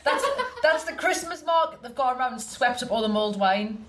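A woman comedian in casual podcast chat, quick with teasing banter. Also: a little high, lively intonation, fairly bright tone.

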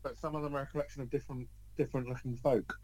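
A man co-hosting a casual football podcast, deadpan and wry in his jokes. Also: mid-range voice, racing, poor audio. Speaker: podcast co-host.

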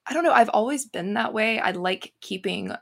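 An American woman talking as a guest on a podcast, bubbly and quick to laugh. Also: medium pitch, lively intonation, gravelly, a bit bright. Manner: bubbly, laughs often, many fillers. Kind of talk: casual interview chat.

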